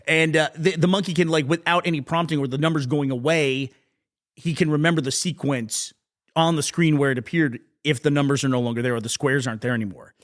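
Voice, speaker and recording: A man's voice: fairly high pitch, fairly even intonation, fairly quick. A man co-hosting a casual chat show, teasing playfully and laughing often. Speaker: podcast co-host.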